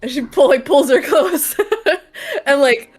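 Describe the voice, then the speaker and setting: A woman's voice: high-pitched, takes it slowly, soft background music. A woman in a tabletop game playfully narrating what her character does and says. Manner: playful, animated storytelling. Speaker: player.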